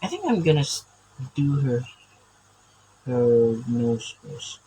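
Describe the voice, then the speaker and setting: Taking it slowly, this artist chats in a mellow mid-range voice with big pitch swings while drawing on camera. He rambles, stammers and laughs often. The recording is low quality with a little hiss or hum.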